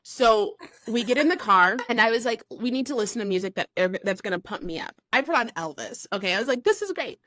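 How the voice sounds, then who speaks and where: A woman in her forties hosting a podcast, chatting casually and telling stories in an animated way, acting out what people said. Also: a little high, brisk, few pauses, no echo. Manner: animated storyteller who acts out quotes. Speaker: podcast host. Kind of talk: casual chat.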